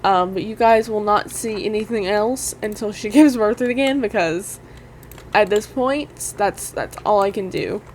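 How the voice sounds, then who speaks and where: A young woman giving casual, excitable commentary over a life-sim game, talking straight to her viewers and gushing nervously. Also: medium pitch, a little slow, a little hiss or hum. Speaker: gaming YouTuber.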